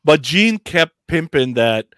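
A man co-hosting a casual chat, talking in a drawn-out, explanatory way. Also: fairly high pitch, very animated, a bit bright, dry recording. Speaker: podcast co-host.

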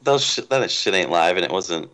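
A man co-hosting a casual chat, laid-back and quick with slang. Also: low voice, lively intonation, fairly bright tone. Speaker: podcast co-host.

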